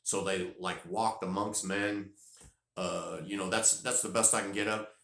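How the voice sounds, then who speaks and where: Man, fifties, folksy rambling storyteller, low voice, echoey room. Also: a little slow, vocal fry. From North Carolina. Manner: folksy, rambling, repeats words when excited. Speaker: vlogger. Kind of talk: casual storytelling.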